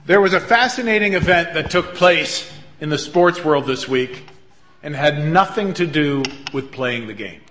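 Male pastor, earnest storyteller, bright and forceful tone. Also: on the high side, expressive, normal speed, slight background noise. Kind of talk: sermon.

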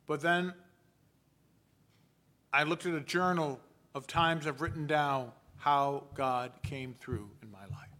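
Male pastor, sermon delivery, bright tense voice, unhurried and wry. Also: a little high. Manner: measured, storytelling delivery with playful asides.

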